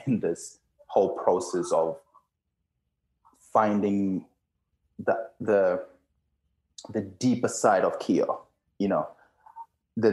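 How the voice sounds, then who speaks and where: A man in his thirties with a fairly low voice speaks earnestly in casual podcast chat. He rambles and restarts often, and the room gives his words a noticeable echo. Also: mellow. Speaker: guest cohost. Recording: roomy echo.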